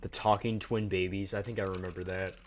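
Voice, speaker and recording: Low-voiced man casually chatting on a livestream. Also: little pitch movement, brisk, slight background noise. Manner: joking, rambling, talks to chat. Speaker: livestream host.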